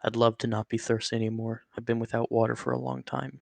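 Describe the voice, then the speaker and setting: A parched man stranded in the desert, croaking out anxious questions, as a man reading the story voices him. His speech is rough and gravelly, with the uneasy, questioning manner of someone who has just woken up somewhere strange. The sound is close and dry. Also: mid-range voice, little pitch movement, fast, no echo. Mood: bewildered.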